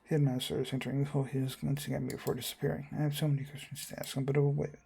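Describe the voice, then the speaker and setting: A man reading visual novel dialogue aloud, quick and stumbling, often restarting words. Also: mid-range voice, flat delivery, vocal fry, warm tone, slight background noise. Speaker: gamer voicing a visual novel.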